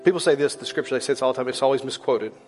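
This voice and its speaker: A middle-aged male pastor preaching a sermon in a church, emphatic and conversational, repeating lines and slowing down low on key words. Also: faint music behind. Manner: rises loud for emphasis, drops low and slow on key words.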